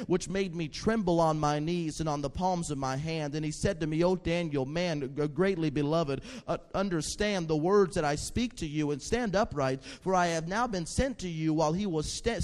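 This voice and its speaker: A male preacher with a notably high voice delivers a church sermon. He teaches steadily, then climbs into fervent, shouted exhortation.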